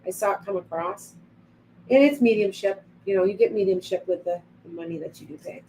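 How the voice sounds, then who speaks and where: A middle-aged woman chats loosely through a live psychic reading stream, drifting between tangents and replies to viewers. Her voice sits at an ordinary pitch for a woman. A faint hiss of noise runs under her webcam sound. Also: fairly quick, dark tone, rough recording. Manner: chatty, rambling, reads viewer comments aloud. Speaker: psychic livestream host. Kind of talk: casual live-stream chat.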